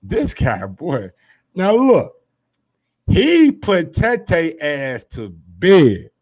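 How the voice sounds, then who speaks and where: A man hosting a casual sports commentary show, brash and profane, swinging from low asides to loud heated rants. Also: wildly swooping pitch, extremely slow.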